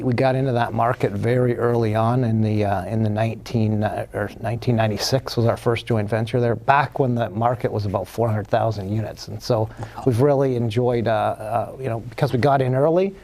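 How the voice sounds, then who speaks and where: Gravelly-voiced man answering interview questions. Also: mid-range voice, fairly even intonation, a little mellow. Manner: measured, with many fillers and restarts. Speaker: guest executive.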